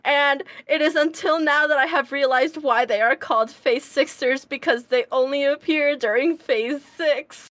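A woman from Latin America co-hosting a casual podcast, tossing in quick jokey asides. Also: high-pitched, a bit bright, no echo, clean studio sound. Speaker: podcast co-host. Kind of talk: casual fan chat.

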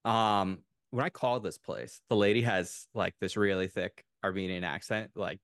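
A man in his thirties chatting on a podcast, telling a long story with enthusiastic, animated asides. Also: lowish voice, moderate pace, smooth, no echo, studio quality. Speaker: podcast co-host. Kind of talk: casual chat.

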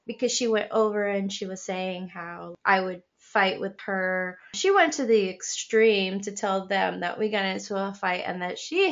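A woman with a mid-range voice chats easily as a podcast co-host and laughs often. She grows animated as she tells her stories. The recording sounds dull and lo-fi. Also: mid-range voice, vocal fry. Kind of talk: casual chat.

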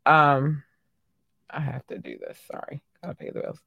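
A woman hosting her own podcast in casual solo chat, giving effusive shout-outs to listeners with frequent ums and sudden animated bursts. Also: deep voice, moderate pace, vocal fry, slightly rough, no echo, muffled recording. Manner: animated, swings into loud excited bursts. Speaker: podcast host.

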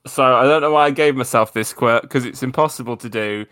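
A man's voice: mid-range voice, brisk, a bit bright. A man hosting a comedy improv podcast, joking and laughing often with his friends.

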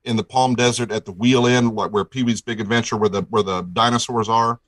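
A man's voice: medium pitch, fairly even intonation, fairly quick, fairly bright tone, dry recording, low-quality recording. Dry-voiced rambling storyteller man. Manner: enthusiastic, rambling, with frequent restarts. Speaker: guest. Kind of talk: casual storytelling chat.

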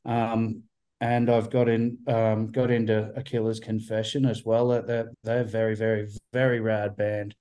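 Rambling man with a mellow voice. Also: lowish voice, flat delivery, unhurried. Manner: rambling, swears often, many restarts. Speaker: band member guest. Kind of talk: casual interview chat. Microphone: video call.

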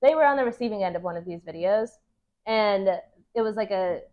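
A woman's voice: medium pitch, animated, brisk, muffled recording. A woman co-hosting a casual podcast chat, talking loosely with lots of fillers and frequent laughs. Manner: chatty, laughs often, many "like" fillers.

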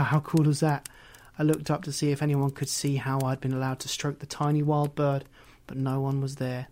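A man's voice: mid-range voice, a little mellow. A man reading a first-person story aloud in a reflective way. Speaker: narrator. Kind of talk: audiobook reading.

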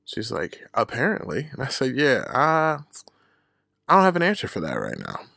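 A man's voice: medium pitch, wildly swooping pitch, moderate pace, vocal fry, pushed and bright, no echo, studio quality. A man hosting his own podcast, telling a personal story in a casual, profane, candid way, laughing at himself and acting out the people he quotes. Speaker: podcast host.

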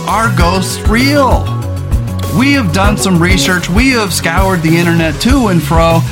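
A man hosting a casual podcast from a small rural trailer, talking in an enthusiastic, rambling way. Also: sits high. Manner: enthusiastic, rambling, emphatic announcer-like intro. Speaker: podcast host.

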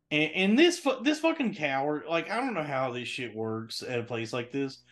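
A man's voice: medium pitch, a bit bright. A man in the middle of his speaking range tells a long story on a podcast. He swears constantly and trips over his words, restarting phrases as he goes. Faint music plays underneath. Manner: rambling, profane, frequent restarts and fillers. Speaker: podcast host. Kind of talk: casual storytelling monologue.

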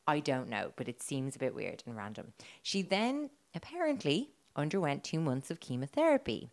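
A low-pitched woman co-hosting a casual podcast, chatty and giggly as she tells the story. She swears freely and keeps talking at an easy conversational clip. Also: very animated, moderate pace. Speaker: podcast co-host telling the story.

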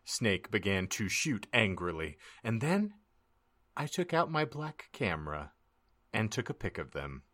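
A man hosting a comedy podcast, reading a story aloud in a mock-dramatic way and pausing to joke with his co-hosts. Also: lowish voice, no echo. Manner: lively, mock-dramatic narration. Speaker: podcast host.

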